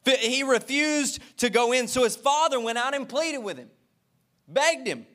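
A man's voice: very high-pitched, lively intonation, moderate pace, fairly bright tone. A male pastor preaching a sermon with impassioned, emphatic repetition, speaking directly to his congregation.

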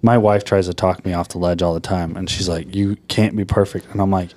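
Low-voiced man, candid and earnest. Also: little pitch movement, fast talker, warm tone. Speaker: podcast co-host. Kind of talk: casual chat.

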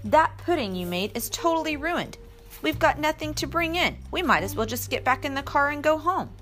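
Woman putting on a shrill frazzled mom. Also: big pitch swings, a little slow, sharp tone, soft background music, heavily acted. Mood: exasperated. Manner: shrill, high-strung outbursts. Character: frazzled, excitable mother at a family outing. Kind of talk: storybook reading.

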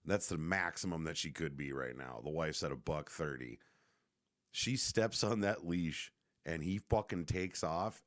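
Man, very deep voice, lively swinging intonation, casual vlog storytelling, swears a lot, rambling and joking. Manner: rambling, heavily profane, joking.

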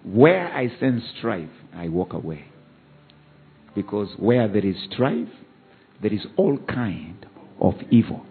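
Man preaching a sermon, calls and responses, gets loud then goes hushed, sounds like a phone line. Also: on the low side, sing-song, slow pace, long pauses. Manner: call-and-response preaching, swings from shouts to hushed asides. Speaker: pastor. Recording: phone-like narrow band.

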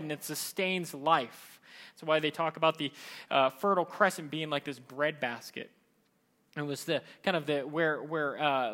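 A man preaching a sermon in a conversational, animated way, acting out the voices he quotes. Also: a little high. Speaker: pastor.

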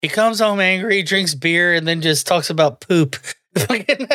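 A man co-hosts a podcast in relaxed, crude banter. He swears constantly and breaks into laughter at his own jokes. The sound is close and dry with no room around it. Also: sits high, slow, no room sound. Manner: profane, joking, laughs often. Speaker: podcast co-host.

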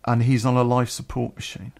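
A man's voice: medium pitch, completely flat delivery, brisk, vocal fry, darkish tone. A middle-aged man telling a personal story on a podcast, candid and rambling, swearing freely.

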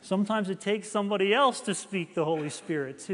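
A man's voice: high-pitched, fast talker, big-room sound, a little hiss or hum. A middle-aged man preaching a sermon, telling a personal story in an earnest, confessional way.

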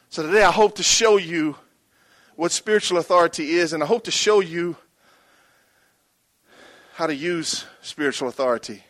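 High-voiced pastor preaching a lively sermon. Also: male voice, moderate pace, long pauses. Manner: storytelling with call-and-response to the congregation.

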